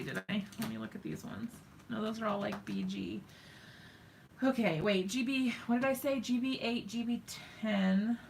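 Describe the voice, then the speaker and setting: A woman with a mid-range voice and some vocal fry hosts a live crafting stream, chatting with viewers and thinking out loud as she works, often poking fun at herself. A faint hiss or hum sits in the background.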